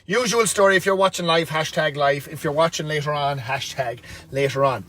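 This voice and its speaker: Sweary ranting man with a high voice. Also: brisk, few pauses, a bit bright, slight background noise. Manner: blunt, sweary and rambling. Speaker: vlogger. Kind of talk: profane ranting to camera. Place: inside a van.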